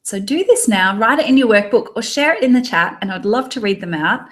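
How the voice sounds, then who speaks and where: A woman's voice: mid-range voice, expressive, fairly quick, hardly any pauses, fairly bright tone. A woman in her thirties with an Australian accent, leading a live online training for tarot readers and reading out viewers' chat comments in an upbeat, encouraging way.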